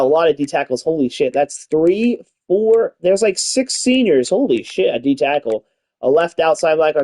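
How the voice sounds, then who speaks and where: A man with a fairly high voice gives casual commentary on a live game stream. He reads rosters and stats in a loose, tired drawl, then bursts into hyped announcer calls and cheerful swearing. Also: a little mellow. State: tired, yawning. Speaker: gaming streamer.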